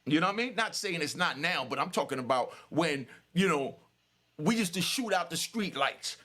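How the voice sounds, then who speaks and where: An older New York man hosting a channel speaks to camera in a heated rush of emphatic, repetitive street talk stuffed with fillers. His high, expressive voice sounds pushed and bright at a moderate pace, and he's angry and sweating.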